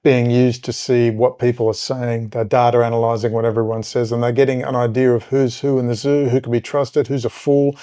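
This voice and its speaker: Rambling man with a mellow voice. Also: medium pitch, level tone, brisk, hardly any pauses, smooth. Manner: rambling, conversational, many fillers and asides. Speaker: podcast host. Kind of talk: casual political monologue.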